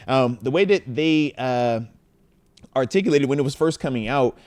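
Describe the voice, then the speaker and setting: A retired linebacker breaks down a football trade for his viewers in a loose, animated way, calling out to the audience as he goes. His voice sits dark and mellow. The sound is close and dry, with no room behind it. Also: medium pitch, no room sound. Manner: animated, hype, addresses viewers directly. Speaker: retired linebacker and sports commentator. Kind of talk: casual sports talk to camera.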